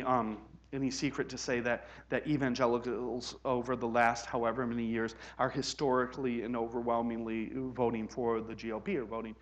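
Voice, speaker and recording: A man from the United States preaching a sermon in a conversational way, rising to loud, emphatic peaks. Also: medium pitch. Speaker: pastor.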